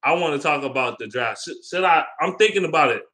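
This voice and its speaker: A man's voice: on the high side, lively intonation, quick pace, sharp tone. A young man talking casually about sports in a rambling, opinionated way, with slang and lots of ums. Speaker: sports vlogger.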